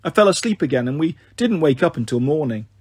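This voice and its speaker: A man reading a children's novel aloud in steady, expressive first-person narration. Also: on the high side, fast talker, breathy edge, dry recording, clean studio sound. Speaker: storyteller. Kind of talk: children's book read aloud.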